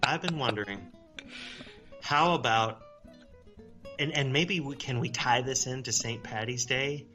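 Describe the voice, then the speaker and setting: Bright-voiced man, halting comic chatter. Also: medium pitch, faint music behind. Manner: halting, restarts often, laughs along. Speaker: podcast co-host. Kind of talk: casual comedic chat.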